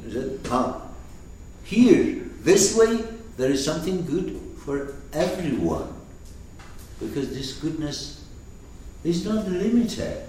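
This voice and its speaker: Slow, animated male teacher in an echoey room. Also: on the high side. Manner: slow, emphatic, questioning the class. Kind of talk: lecture on a poetic text. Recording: echoey room, distant mic, faint noise.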